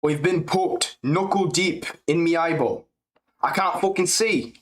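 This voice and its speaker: A man's voice: on the high side, lively intonation, a little slow, voice pushed up. A man doing an impression of a crude, joking male fighter with a put-on British accent. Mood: rowdy.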